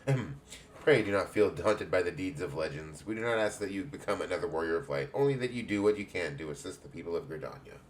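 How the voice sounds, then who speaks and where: A man's voice: low-pitched, lively intonation, fast, a little hiss or hum. A man voicing a stately, motherly woman who heads an adventurers' guild, in a put-on English accent and grand, old-fashioned speech while reading game dialogue aloud.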